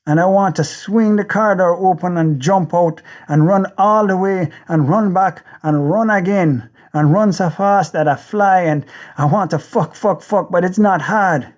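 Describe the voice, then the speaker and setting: Jamaican male audiobook narrator, fairly high voice, intense first-person read with driving repetition, slightly dull lo-fi audio. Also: measured pace, hardly any pauses, darkish tone.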